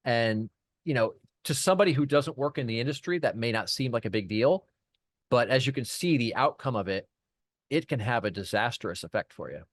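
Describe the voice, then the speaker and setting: A man speaking as a podcast guest, his voice sitting in an ordinary middle pitch. The sound is dry and close with no room echo. He tells his story casually, stacking up restarts as he goes. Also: brisk. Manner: animated anecdote teller, many restarts. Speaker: podcast guest, PR firm founder.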